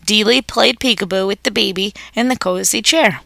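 A woman's voice: medium pitch, normal speed, gravelly, pushed and bright, no room sound. A woman reading a children's story aloud, narrating expressively as a pet hamster.

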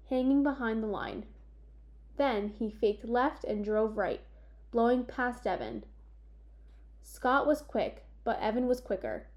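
A woman narrating a children's sports story in a measured, expressive storytelling way. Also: fairly high pitch, lo-fi sound. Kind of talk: audiobook narration.

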